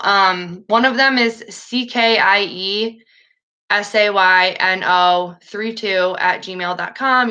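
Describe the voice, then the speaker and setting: Casting note: distraught woman on a live stream, bright and tense tone, swears, breaks off mid-sentence. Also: fairly low pitch, muffled recording. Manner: upset, swears, trails off and restarts. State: sad and agitated. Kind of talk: emotional live-stream monologue.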